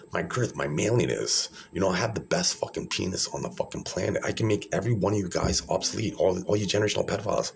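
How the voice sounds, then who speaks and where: A man's voice: deep voice, vocal fry, slight background noise. A man talking straight to camera in a rambling monologue, boastful, profane and combative, often restarting his phrases. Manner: repeats himself, restarts phrases. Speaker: video creator.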